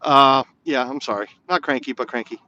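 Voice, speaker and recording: This is a casual live-stream from inside a car on snowy roads, where a man rambles to viewers and reads comments aloud. He speaks at a moderate pace in a bright, forceful mid-range voice with slight background noise. The audio is lo-fi phone quality and slightly dull.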